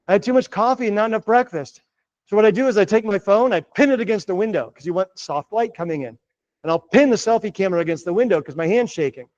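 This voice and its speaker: A man's voice: high voice, muffled recording. A middle-aged man coaching a live audience on real estate marketing, upbeat and chatty, often checking in with "right?". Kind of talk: live presentation to a room. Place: office meeting room.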